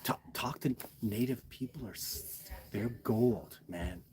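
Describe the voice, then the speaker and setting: Speaking slowly in a mid-range voice with a darkish tone, a man hosts a casual livestream and answers viewers' questions. His manner is emphatic and repetitive, and he addresses them as "guys."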